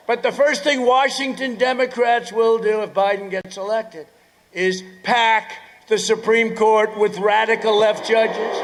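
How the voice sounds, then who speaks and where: A man in his seventies speaks at a political rally, his voice sitting high for a man. He wanders into sarcastic asides, circles back and repeats himself, then suddenly shouts his lines out. A faint murmur of ambience sits behind him. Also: a little hiss or hum. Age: 70s. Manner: bursts into shouting. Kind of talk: rally speech.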